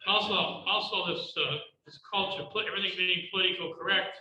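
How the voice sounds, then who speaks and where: A man's voice: high voice, a little fast, bright, forceful tone. A man telling folksy jokes in a rambling way and giving holiday greetings at a club meeting in a restaurant banquet room. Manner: folksy, rambling, with hesitant uh fillers. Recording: dull roomy hall with faint noise.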